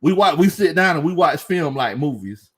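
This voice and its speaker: A man's voice: on the high side, animated, moderate pace, slightly rough. A young man hosts a casual sports live stream. He reads chat comments aloud, laughs often and talks in loose, slangy fashion.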